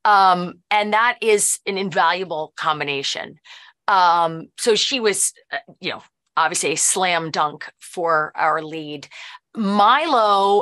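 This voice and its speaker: Bright, animated middle-aged woman. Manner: animated, lively, jumps into high quoted voices. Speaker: actress and producer being interviewed. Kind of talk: casual interview chat.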